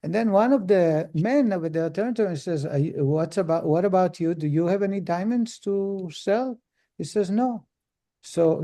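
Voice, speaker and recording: Mellow-voiced rabbi telling a story. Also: male voice, sits high. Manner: acts out characters in the story, with frequent restarts and filler words. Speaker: rabbi teaching a Torah lesson. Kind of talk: storytelling in a lesson.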